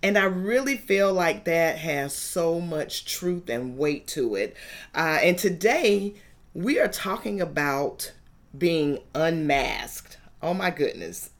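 A middle-aged woman from Georgia, hosting a podcast interview in an upbeat, emphatic way. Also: deep voice. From Georgia, USA. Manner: upbeat, emphatic, sing-song intro. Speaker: podcast host.

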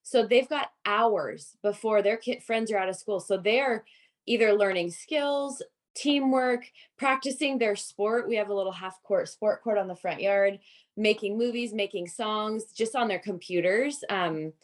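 A woman chatting casually about family life in an eager, friendly way. Her voice sits at a middle pitch, and her sentences tumble out with quick restarts. It sounds like natural, unscripted talk. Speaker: co-host, parent. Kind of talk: casual chat.

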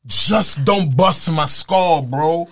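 A man's voice: fairly high pitch, drawn-out words, vocal fry. A man hosting a casual podcast chat, laid-back and slangy, often repeating his phrases. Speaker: podcast host.

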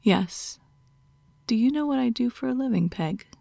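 A woman's voice: on the high side, expressive, moderate pace, vocal fry, dark tone, dry recording, pitched above the performer's own voice. A woman voicing a stern, dominant female doctor who gives orders and scolds in a half-whispered voice, as whispered role-play. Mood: teasing.

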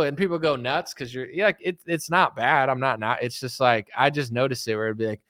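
Streamer host, male, animated riffing commentator, smooth clear voice, dry recording. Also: medium pitch, fairly quick, hardly any pauses, no room sound. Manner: animated, lots of "like" and restarts, slips into mock voices.

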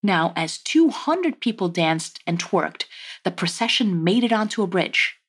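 A woman's voice: fairly low pitch, big pitch swings, unhurried, a bit bright, slightly rough. A woman hosting a casual history podcast, telling the story with wry, joking asides. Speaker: podcast host.

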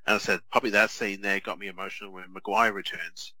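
A man, co-hosting a podcast and telling stories in a chatty, animated way full of restarts. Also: sits low, fast talker, dry recording, low-quality recording. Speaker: podcast co-host. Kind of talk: casual chat.

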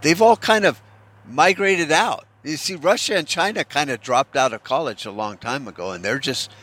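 A man's voice: fairly high pitch, lively intonation, moderate pace, a bit bright. A man giving rambling, profane, sarcastic commentary, unscripted and full of restarts.

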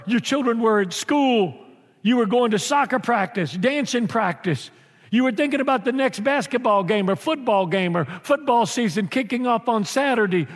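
A pastor delivers a sermon with animated, joking energy, slipping into little acted-out voices. His voice is fairly high for a man, and a long church-hall reverb trails after his words.

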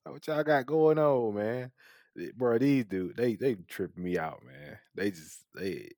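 Very deep-voiced laid-back man. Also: animated, unhurried, darkish tone, no room sound, clean studio sound. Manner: laid-back slang, says bro and man. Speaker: podcast co-host. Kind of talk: casual TV recap chat.

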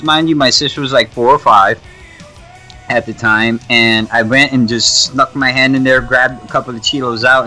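A man's voice: mid-range voice, pushed and bright. A man co-hosting a casual podcast, telling a long story with many fillers and swearing. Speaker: podcast co-host. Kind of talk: casual chat.

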